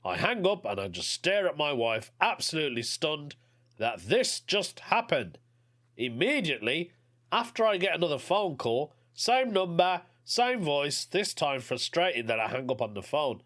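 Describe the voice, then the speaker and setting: A man's voice: a little high, very animated, measured pace, a bit bright. A man hosting a podcast, reading out a listener's story and chatting about it in an offhand way. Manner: chatty, offhand, says mate. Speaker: podcast host.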